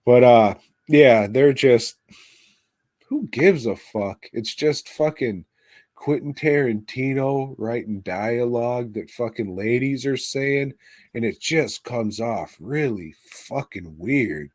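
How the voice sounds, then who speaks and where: A man's voice: medium pitch, takes it slowly, darkish tone, dry recording. A man co-hosting a podcast, reviewing a movie in casual chat with crude, sarcastic, swear-heavy remarks. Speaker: podcast co-host. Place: podcast studio.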